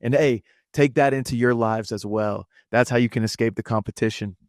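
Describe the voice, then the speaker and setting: A man's voice: mid-range voice, fairly even intonation, fairly quick, no room sound, clean studio sound. A man co-hosting a casual tennis podcast, earnest and encouraging with a motivational tone. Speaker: podcast co-host.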